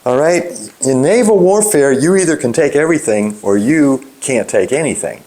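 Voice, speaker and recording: Older man, mid-range voice, hosts his own commentary channel; forceful opinions, halting delivery with ums and self-corrections. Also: mid-range voice, expressive. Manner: opinionated, emphatic, with frequent fillers and restarts. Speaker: channel host giving political commentary. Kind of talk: unscripted political monologue.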